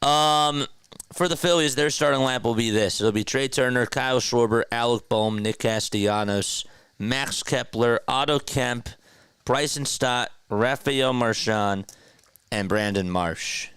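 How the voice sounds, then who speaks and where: A man's voice: mid-range voice, a little slow, a bit bright, clear, resonant tone, no echo. A man hosting a casual sports livestream, chatting loosely and reading viewer comments aloud from a home streaming setup. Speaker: play-by-play livestream host. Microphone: podcast mixer setup.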